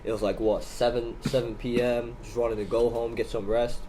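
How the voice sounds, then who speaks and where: Teen boy, student podcaster, animated storyteller, slight background hiss. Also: medium pitch, normal speed. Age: teens. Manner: animated storyteller acting out both sides of an argument. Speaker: podcast co-host. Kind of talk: casual storytelling. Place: school room in Hong Kong.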